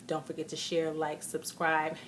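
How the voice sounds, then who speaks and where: A chatty woman with a fairly low voice talks casually through a recap of a show, slipping into what people said. A faint hum sits behind her. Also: completely flat delivery, moderate pace, a bit bright. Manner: chatty, retells scenes with quoted voices. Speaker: vlogger recapping a reality show.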